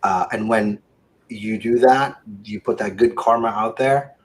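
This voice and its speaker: A man on a panel call, laid-back and casual, dropping quick quips. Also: on the low side, low-quality recording. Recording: faint background noise.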